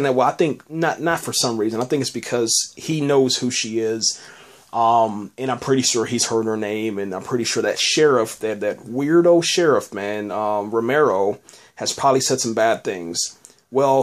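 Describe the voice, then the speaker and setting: A man's voice: medium pitch, lively intonation, a little slow. A man hosting a casual solo podcast, reviewing a TV episode in a rambling way with lots of fillers, restarts and "man.".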